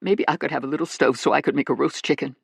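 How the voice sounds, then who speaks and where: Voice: medium pitch, fairly even intonation, quick pace, vocal fry, husky, no room sound. A narrator doing a sassy, brash woman. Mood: emotional. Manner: sassy, emphatic, self-assured.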